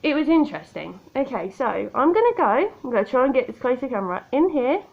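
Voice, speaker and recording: Talking fast in a high, sing-song voice with a gravelly edge, a woman mocks herself playfully during an at-home makeup tutorial aimed straight at her audience. The makeup vlogger is in an indoor room by a window, and her tablet camera makes the sound muffled.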